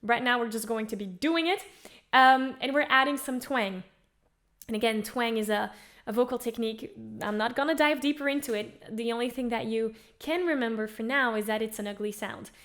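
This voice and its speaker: A woman vocal coach guiding singers through warm-up exercises, encouraging them and demonstrating by singing along. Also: a little high, moderate pace. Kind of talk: guided vocal warm-up lesson. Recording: faint piano music under voice. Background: piano accompaniment.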